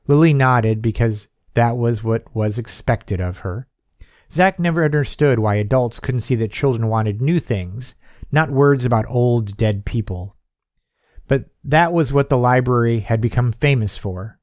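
Guy narrating an audiobook story, mid pitch, dry close mic, perks up for the dialogue. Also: measured pace, darkish tone, dry recording. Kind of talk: scripted narration.

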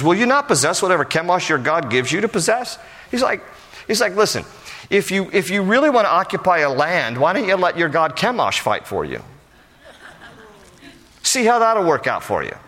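A man preaching a sermon, reading scripture verses aloud and then explaining them in casual, animated speech with emphatic questions. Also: on the high side. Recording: long hall reverb.

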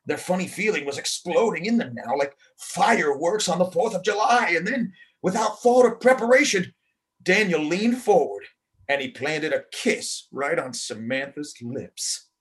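A man's voice: a little high, animated, moderate pace. Playful man reading a storybook aloud. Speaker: host and storyteller.

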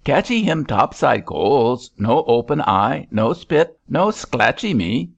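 A man's voice: medium pitch, very animated, slow, vocal fry, highs cut off, pitched above the performer's own voice, full character voice. Man putting on a cheeky sailor, choppy broken pidgin, voice pushed way up. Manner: clipped broken pidgin speech. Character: grinning male ship's sailor, cheeky.

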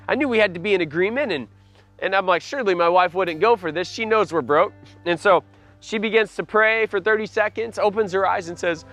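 A man preaching a personal testimony, telling the story with animated energy and frequent restarts. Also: high voice, a little fast, faint music behind. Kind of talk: testimony sermon.

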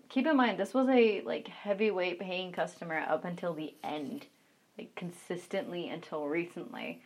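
A young woman chats casually and frankly, telling stories about her work as an online content creator. Her talk is loose and full of fillers. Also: on the low side. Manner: chatty, frank, many fillers. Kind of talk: casual storytelling chat.

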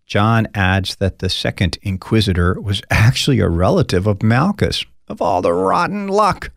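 A pastor teaching through a Bible passage in a conversational, expressive way, acting out the quoted lines with folksy asides. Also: male voice, lowish voice, moderate pace, gravelly, no room sound, clean studio sound.

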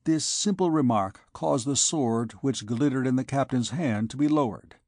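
A man narrating a classic novel as an audiobook in a measured, unhurried reading. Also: medium pitch, a little mellow, no room sound, clean studio sound. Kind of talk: scripted narration.

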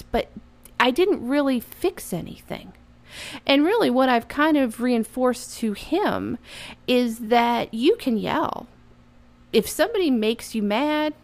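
A woman talking casually and earnestly as a parent, giving reflective advice about apologizing. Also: sits high.

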